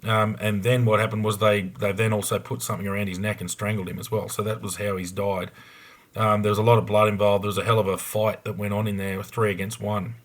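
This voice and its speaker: A man's voice: fairly low pitch, flat delivery, fast talker. An Australian man, a former police investigator, telling a case story on a podcast in a blunt, frank way with a lot of ums and restarts.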